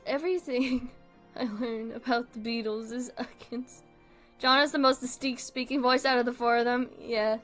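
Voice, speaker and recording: A woman's voice: fairly high pitch, fairly bright tone. A young woman streamer chatting casually, telling a rambling story and laughing often. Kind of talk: casual chat while drawing on stream.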